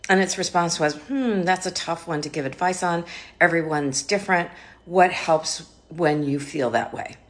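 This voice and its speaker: Low-voiced skeptical woman commentator. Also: moderate pace. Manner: skeptical, conversational. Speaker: marketing expert commentator. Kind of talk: casual commentary to camera.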